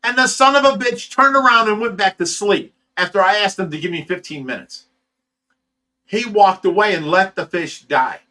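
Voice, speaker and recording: A man's voice: sits high, moderate pace, pushed and bright. A man who runs a fish rescue, telling a story on a livestream in a heated, profane way and stammering over repeated words. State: sleep-deprived.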